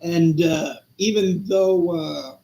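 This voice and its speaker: Man with a high voice, echoey room. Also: slow pace, creaky, warm tone. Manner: thoughtful, rambling with many fillers. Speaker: podcast co-host. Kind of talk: casual chat.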